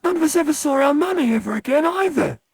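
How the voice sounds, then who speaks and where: A performer voicing an animatronic that tells a spooky tale slowly and dramatically in a raspy voice. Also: high voice, animated, no room sound. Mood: dramatic. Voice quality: very raspy and creaky. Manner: slow, dramatic tale-telling. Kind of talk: fan voice acting of a poem.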